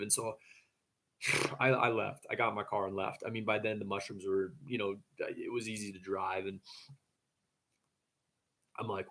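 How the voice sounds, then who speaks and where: A man's voice: on the low side, flat delivery, moderate pace, long pauses, pushed and bright. A man casually telling a story to camera, rambling, with frequent stammering restarts.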